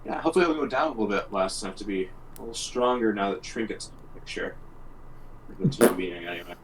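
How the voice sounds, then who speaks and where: A man's voice: on the low side, fast, distant mic, slight background noise, low-quality recording. A man playing a cleric in a tabletop game, talking hesitantly with many fillers. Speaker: player. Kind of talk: casual chat about a tabletop game.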